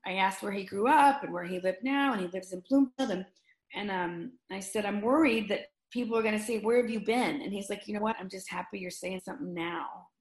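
A woman's voice: medium pitch, brisk. A middle-aged woman in casual conversation, telling personal stories earnestly and with feeling, often restarting her sentences. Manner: earnest, emotional storytelling with many restarts. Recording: roomy echo.

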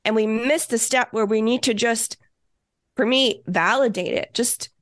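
A woman's voice: a little high, measured pace, dry recording, clean studio sound. A woman guest on a casual podcast, talking emphatically and swearing for emphasis.

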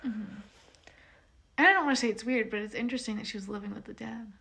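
A young woman co-hosting a podcast in casual chat, chiming in with quick, dry teasing remarks. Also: a little high, gravelly, pushed and bright, breathy edge. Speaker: podcast co-host.

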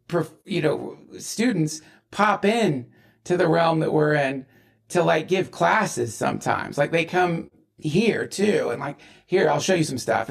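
Man, casual chat host, gravelly and a bit high, rambling and profane.

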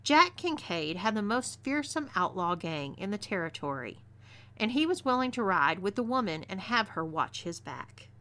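Bright-voiced Texan woman narrating a western. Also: medium pitch, moderate pace. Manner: expressive first-person storytelling. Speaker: narrator, audio story reader. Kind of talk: scripted erotic western story narration.

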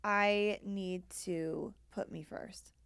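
A woman's voice: mid-range voice, fairly even intonation, very slow, a bit bright, clean tone, no echo, clean studio sound. A woman co-hosting a casual podcast chat. She talks candidly, swears freely and acts out quoted dialogue. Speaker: podcast co-host.

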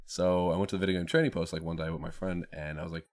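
A young man, a podcast guest, chatting casually and telling loud, animated stories, acting out what people said. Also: deep voice, racing. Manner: loud, animated storytelling with acted-out quotes. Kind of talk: casual chat.

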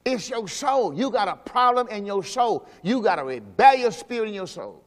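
A man preaching a sermon as pastor. He talks emphatically, asks the congregation questions, and drops into low quiet asides. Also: big pitch swings, normal speed. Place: church sanctuary. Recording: long hall reverb from a church service.

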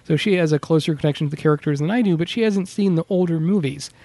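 A man's voice: a little high, fast, dark tone, dry recording. A man hosting a podcast in casual chat, earnest and rambling, with many fillers and self-interruptions. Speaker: podcast host.

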